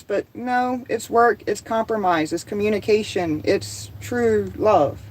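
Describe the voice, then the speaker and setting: Middle-aged Southern woman, livestream host, chatty and quick to laugh, reads viewer comments aloud. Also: on the high side, low-quality recording. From American South. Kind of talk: casual livestream chat.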